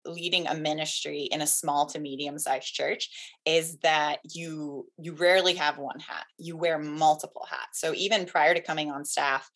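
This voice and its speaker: Low-pitched woman guest, candid, laughs easy, thoughtful. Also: steady tone, normal speed, a bit bright. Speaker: pastor and podcast guest. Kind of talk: conversational interview.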